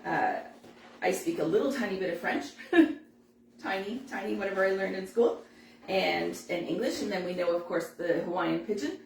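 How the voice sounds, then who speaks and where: A woman giving a live balloon-making tutorial, chatty and quick to laugh as she works. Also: mid-range voice, lively intonation, vocal fry, reverberant, far from the mic, a little hiss or hum. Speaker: balloon instructor.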